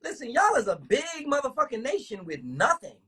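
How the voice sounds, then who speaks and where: A woman with a husky voice, hosting a casual livestream and ranting in animated, profane talk full of rhetorical questions. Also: a little high, fairly quick, slight background noise. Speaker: livestream host.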